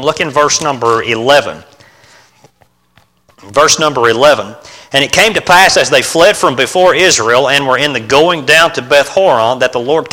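Male preacher, bright forceful voice, a bit high, lively sermon delivery with questions to the pews. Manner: animated, rhetorical questions to the congregation.

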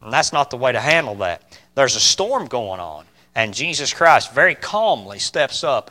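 A man preaching a sermon, asking his listeners questions and swinging between loud emphatic bursts and quiet, calm lines. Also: medium pitch, normal speed. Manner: asks the listeners rhetorical questions.

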